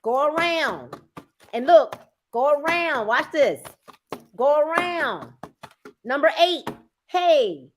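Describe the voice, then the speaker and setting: A woman sales coach in casual motivational talk, emphatic and repeating phrases for effect, sometimes breaking into loud urging. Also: sits high, big pitch swings, takes it slowly, long pauses, noisy background. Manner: bursts into loud urging at times.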